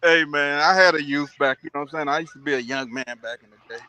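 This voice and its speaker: A man's voice: fast, sharp tone, smooth, dry recording. Chatty man telling stories with laughs. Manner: laughing storyteller, mimics friends in a high voice. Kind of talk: casual chat.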